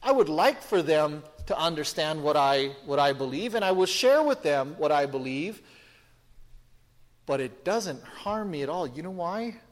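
A man's voice: on the high side, expressive, measured pace. A man preaching a sermon in a conversational, emphatic way, asking the listeners rhetorical questions and often restarting his sentences. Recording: long hall reverb.

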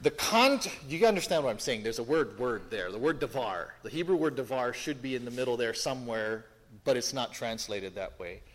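A man's voice: medium pitch, animated, fairly quick, hardly any pauses. A man preaching a sermon in a conversational, emphatic way, asking the listeners rhetorical questions and often restarting his sentences. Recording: long hall reverb.

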